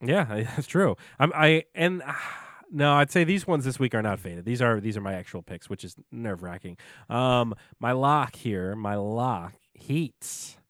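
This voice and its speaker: A man's voice: mid-range voice, unhurried, fairly bright tone, no echo, studio quality. A young man co-hosting a podcast, chatting casually and jokingly about sports with frequent fillers. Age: young adult. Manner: laid-back, joking, hesitant fillers. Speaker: podcast co-host.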